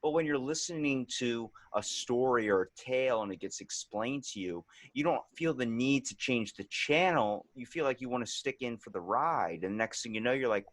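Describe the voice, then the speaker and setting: A man's voice: mid-range voice, fairly bright tone, no room sound. A man hosting a casual interview, loose and joking, with a slangy way of talking. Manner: loose, joking, slangy, does silly voices. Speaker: podcast host.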